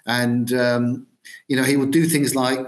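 A man's voice: mid-range voice, level tone, measured pace. A man in his sixties, a guitarist being interviewed, chatting casually with many ums and restarts. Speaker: guitarist guest.

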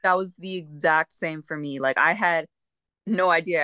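Upbeat young Canadian woman as guest, lowish voice, dry recording. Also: normal speed, pushed and bright, dry recording. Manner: upbeat, laughs easily. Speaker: interview guest. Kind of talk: casual chat.

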